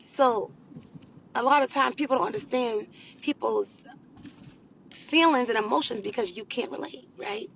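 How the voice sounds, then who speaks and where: Woman life coach, fairly high gravelly voice, preachy and earnest, faint hiss behind. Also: normal speed, long pauses. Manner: earnest, preacherly, repeats phrases, addresses viewers as y'all; drops to a soft, hushed voice when speaking to abuse survivors. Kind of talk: motivational faith talk to viewers.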